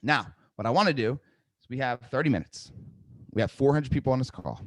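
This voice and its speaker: Energetic male sales trainer, dry sound. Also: mid-range voice, brisk, no echo. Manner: energetic, repeats key phrases, acts out sales calls with varied tonality. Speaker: sales trainer hosting a webinar. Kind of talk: live webinar coaching.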